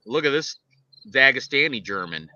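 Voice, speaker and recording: A man co-hosting a casual fight-picks show, rambling and excitable with lots of restarts. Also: medium pitch, normal speed, highs cut off. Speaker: podcast co-host and fight picker.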